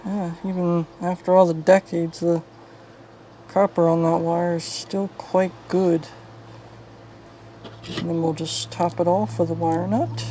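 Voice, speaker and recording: A woman's voice: little pitch movement, unhurried, long pauses, noisy background. A woman casually narrating a hands-on fan wiring repair, thinking aloud and muttering as she works at a bench. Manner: thinking aloud, low-key, muttering while working. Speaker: video host.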